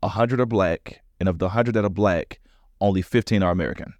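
This comedian guest, a man with a low voice, tells lively stories in a casual interview and plays out what other people said. His pace is fairly quick, and the dry recording sounds dull.

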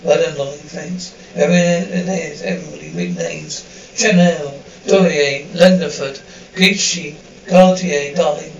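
A woman's voice: low voice, expressive, measured pace, few pauses, darkish tone, a little hiss or hum. An actress playing a frantic, gushing middle-aged fashion PR woman who peppers everything with darling and sweetie, in a sitcom. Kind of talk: sitcom acting. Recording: roomy distant dull TV audio.

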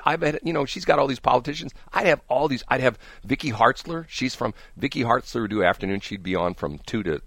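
A man's voice: mid-range voice, fairly bright tone, no echo, studio quality. A man hosting a radio talk show, chatting casually and rambling with jokes and restarts. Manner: rambling, joking, frequent restarts.

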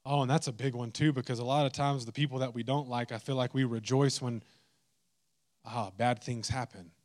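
A man preaching a sermon, animated and humorous, swinging into mock exasperation. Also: mid-range voice, brisk. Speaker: pastor.

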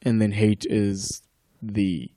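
A man in his thirties from South Africa chats casually on a podcast. He tells his stories in a loose, unhurried way, swears freely and laughs easily, recorded close and dry with no room sound. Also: fairly low pitch, no echo. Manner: relaxed storyteller, profane, laughs often. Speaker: podcast guest. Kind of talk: casual chat.

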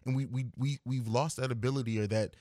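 A man's voice: mid-range voice, steady tone, quick pace, mellow, no echo, clean studio sound. A man hosting a podcast, talking in an earnest, reflective way and often repeating words as he thinks. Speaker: podcast host. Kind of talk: casual podcast conversation.

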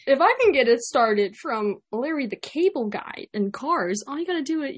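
A woman's voice: high-pitched, expressive, moderate pace, few pauses. Chatty Chicago woman hosting a podcast. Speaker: podcast host. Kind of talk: casual interview chat.

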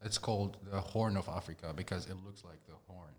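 A man's voice: low voice, a little fast, slightly rough. A man from Ethiopia giving short, plain answers in a casual podcast chat.

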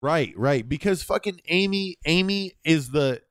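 A man's voice: on the high side, lively intonation, a little slow, a bit bright, no room sound, clean studio sound. Profane, joking male podcast co-host. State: tired throat. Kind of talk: casual podcast banter.

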